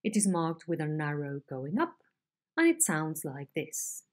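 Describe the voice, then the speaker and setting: A woman teaching a phonetics lesson, explaining slowly and modelling intonation patterns on example sentences. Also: low-pitched, very animated. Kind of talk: recorded online lecture.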